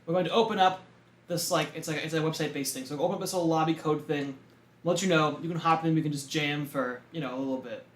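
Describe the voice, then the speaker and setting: Fast-talking young man, echoey room. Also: on the high side, steady tone, fairly bright tone. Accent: light Boston. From Massachusetts. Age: young adult. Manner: quick, filler-heavy planning talk. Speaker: podcast co-host. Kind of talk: casual chat.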